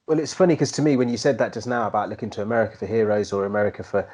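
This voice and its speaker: A man's voice: fairly low pitch, fairly even intonation, rapid-fire, darkish tone. A man from the UK co-hosting a casual chat podcast, talking in an earnest, reflective way with many fillers. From United Kingdom. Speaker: podcast co-host.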